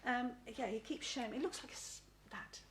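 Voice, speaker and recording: A middle-aged woman giving a live spirit reading as a psychic medium. She talks haltingly, repeats words and often asks "please?". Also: a little high, noisy background.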